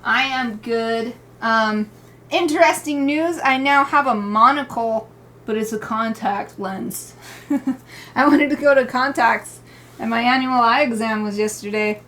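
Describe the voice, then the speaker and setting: A woman artist live-streaming her drawing session, chatting casually with viewers and explaining each coloring step as she works. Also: a little high. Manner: chatty and upbeat, greets viewers warmly, laughs often.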